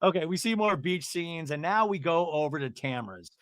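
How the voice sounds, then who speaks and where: A man hosting a podcast, chatting through a comedic reality TV recap in a gossipy way and slipping into quick mock voices. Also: on the high side, expressive, dry recording, studio quality.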